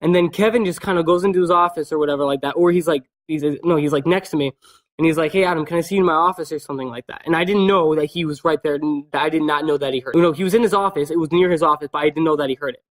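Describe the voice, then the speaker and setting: A man's voice: fairly high pitch, very fast. A man telling a personal story in a casual vlog, rambling and swearing constantly. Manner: many fillers and restarts. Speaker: vlogger.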